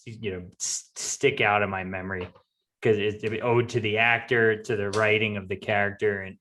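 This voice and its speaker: Low-pitched male podcast co-host, halting recap delivery. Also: sharp tone. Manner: halting, full of ums and uhs, recapping. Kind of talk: casual chat.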